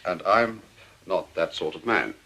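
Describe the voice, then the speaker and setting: An actor with an English accent playing a cool, understated secret agent with dry wit in a 1960s TV drama. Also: male voice, low-pitched, measured pace, sharp tone, exaggerated voice.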